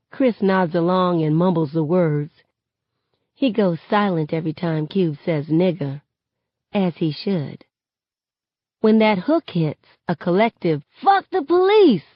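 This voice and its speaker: A woman reading a novel aloud in steady first-person narration that rises sharply on shouted lines. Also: on the low side, dry recording. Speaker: reader. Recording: dull lo-fi, dry sound.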